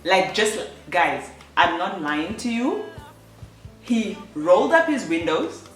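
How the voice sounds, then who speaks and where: A woman's voice: on the low side, animated, slow, far from the mic. Chatty woman in an echoey room. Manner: chatty, lots of fillers and self-corrections. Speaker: vlogger. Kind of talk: storytelling vlog. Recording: echoey room, voice off-mic, faint music.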